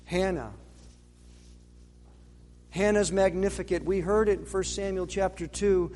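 A male pastor delivering a sermon in a somewhat high voice. He leans hard on key phrases, stretching them out and letting them sink low and quiet. The sound carries a long reverb, like a church hall. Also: fairly even intonation, slight background noise. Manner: emphatic, slowing for stress and dropping low on key words.

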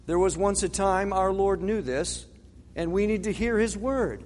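A man preaching a sermon as a pastor, emphatic, slowing down to stress words and dropping low and soft at the end of key lines. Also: long reverb tail, slight background noise.

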